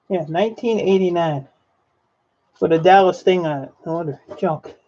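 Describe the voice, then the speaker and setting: A man's voice: sits high, normal speed, mellow. A man casually narrating as he sorts scrap circuit boards, rambling and blunt, talking to viewers. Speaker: e-waste scrapper vlogger. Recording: lo-fi dull audio with faint noise.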